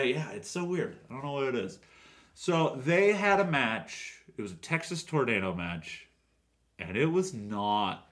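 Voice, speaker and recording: A man's voice: mid-range voice, fairly bright tone. Man, podcast co-host, casual chat, upbeat and rambling, fan of the show. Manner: enthusiastic, rambling, fan's defender. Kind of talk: casual wrestling review chat.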